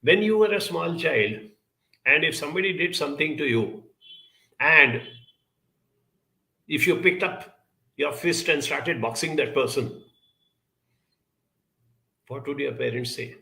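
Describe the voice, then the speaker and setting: A man's voice: a little high, expressive, unhurried, creaky, long pauses, pushed and bright. A man giving a reflective talk, telling a childhood story and speaking directly to his listeners.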